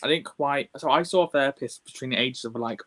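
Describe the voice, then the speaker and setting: A man chats on a casual podcast. He talks frankly about how he copes, pausing often and hunting for words. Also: mid-range voice, a bit bright. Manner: hesitant, frank, with many fillers. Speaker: podcast co-host. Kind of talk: casual chat.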